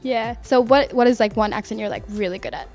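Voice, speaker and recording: A woman's voice: on the high side, lively intonation, quick pace, creaky, a little mellow, faint music behind. A woman interviewing a guest in a playful, teasing way, asking casual questions.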